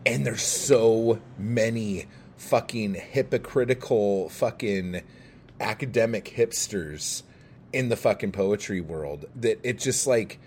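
Profane, ranting man with a low voice. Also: takes it slowly, darkish tone, slight background noise. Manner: heated, profane, emphatic. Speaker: poet and video creator. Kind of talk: ranting monologue to camera.

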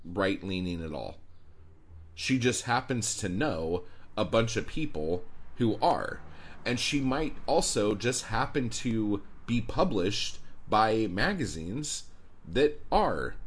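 Husky, sarcastic ranting man. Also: medium pitch. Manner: sarcastic, swears constantly, mocking put-on voices. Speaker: podcast host. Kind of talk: profane ranting commentary.

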